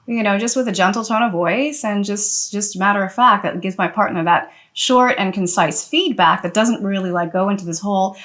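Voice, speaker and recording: Woman, podcast co-host, casual and chatty, mid pitch, conversational fillers. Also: normal speed, few pauses, fairly bright tone. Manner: chatty, loose, many "like" and "you know" fillers.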